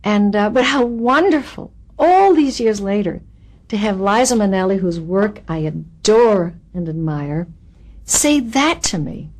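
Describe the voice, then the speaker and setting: An expressive woman being interviewed, recounting her acting stories with lively energy. She slips into the voices of the people she quotes, and her voice sits at a mid pitch. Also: slow. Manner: animated, expressive storyteller who acts out quotes. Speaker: actress interviewee.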